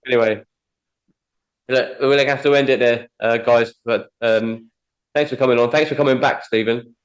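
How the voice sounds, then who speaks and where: A man's voice: mid-range voice, fairly even intonation, moderate pace. A man hosting a podcast, wrapping up casually with fillers. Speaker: podcast host. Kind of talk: casual chat. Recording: dull lo-fi audio.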